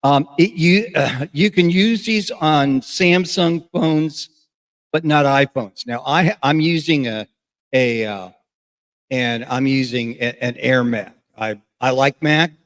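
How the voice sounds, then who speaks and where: A man's voice: medium pitch, takes it slowly. A middle-aged man giving a casual, rambling gear review as a radio host, with many fillers and restarts.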